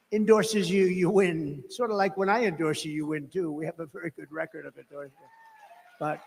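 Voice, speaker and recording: Emphatic high-voiced man at a rally. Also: gravelly, fairly bright tone. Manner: rambling, emphatic, repeats phrases, mocking asides. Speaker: political candidate at a rally. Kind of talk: off-the-cuff rally speech. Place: large rally venue. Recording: long-reverb rally PA sound.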